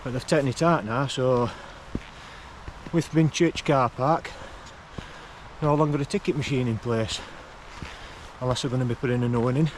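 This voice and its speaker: A man's voice: medium pitch, a little hiss or hum. A man, out of breath as he chats casually while climbing a forest track for his hiking vlog. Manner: chatty, rambling, unhurried. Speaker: hiking vlogger. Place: forest track outdoors, walking uphill.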